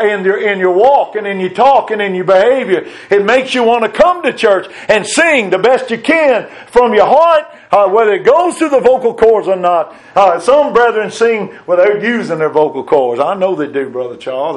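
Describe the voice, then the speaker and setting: A man preaching a sermon, folksy and plain-spoken, rising to emphatic peaks and then dropping low and quiet. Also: lively intonation, moderate pace, few pauses.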